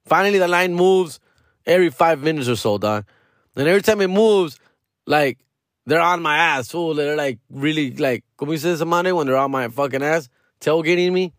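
A man's voice: on the high side, moderate pace, no echo, clean studio sound. A young man with a Chicano English accent, telling a rambling story in a casual rant full of slang and swearing, switching into Spanish now and then. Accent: Chicano English with Spanish mixed in. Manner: profane, slangy, animated storytelling.

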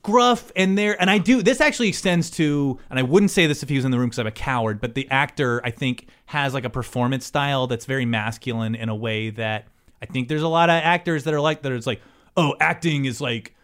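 A man's voice: mid-range voice, fast talker, fairly bright tone, clean tone. A man chatting as a podcast guest in a middling voice, rambling through his thoughts and restarting sentences often. He drops self-deprecating asides in a loose, casual way. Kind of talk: casual chat.

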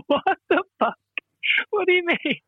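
A high-voiced woman called in as a friend of the hosts. She is loud and laughing and swears freely in casual chat. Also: lively intonation, measured pace, no room sound, phone-quality sound. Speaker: phone-in friend.

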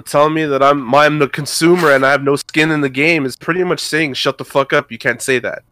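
A man's voice: fairly high pitch, steady tone, brisk, sharp tone, slight background noise. A man arguing heatedly on a casual podcast, defensive and swearing often. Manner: profane, defensive, argumentative. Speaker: podcast co-host.

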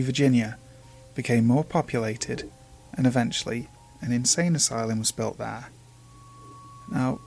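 A male storyteller reads eerie legends in a measured, ominous tone. His middle-pitched voice stays low-key and hushed. A soft music bed runs quietly behind him. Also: vocal fry. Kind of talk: scripted narration of urban legends. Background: faint music.

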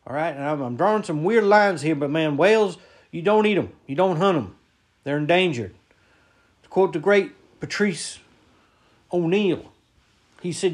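A high-pitched middle-aged man rambling through a comic monologue. He stumbles over his words and repeats them. His indignation is played up for laughs. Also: animated, moderate pace. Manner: mock-indignant. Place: lives in Florida.

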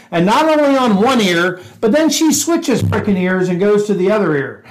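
A man with a fairly high voice tells a prank story from his police days, laughing at his own punchlines. He acts out what people said as he goes, and the talk is loose and chatty. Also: lively intonation, moderate pace, few pauses, slight background noise, rough recording. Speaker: podcast co-host, former police officer. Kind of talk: casual storytelling chat.

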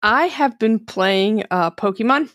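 A woman's voice: fairly high pitch, expressive, a little slow, a bit bright, dry recording, studio quality. A woman guest on a podcast telling stories in casual chat, with a wry edge. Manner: chatty storyteller, wry.

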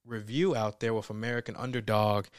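A young man giving a casual, animated spoken film review, emphatic and slangy, swearing freely. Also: on the low side, brisk, dry recording, studio quality.

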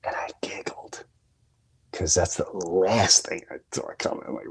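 A man's voice: sits low, a little slow, gravelly, husky, in a whisper. A man hosting a solo podcast, telling candid, emotional stories full of quoted dialogue. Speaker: podcast host. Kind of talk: solo storytelling monologue.

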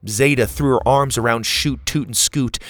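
A man narrating a children's adventure story, with lively reading that jumps up loud and high for the characters' shouts. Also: normal speed, no room sound, studio quality, soft background music.

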